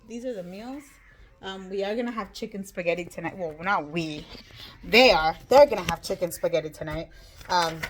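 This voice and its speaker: Casual woman vlogger, out of breath, rambling kitchen chat with faint noise behind. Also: medium pitch. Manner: chatty, rambling, self-joking. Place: home kitchen.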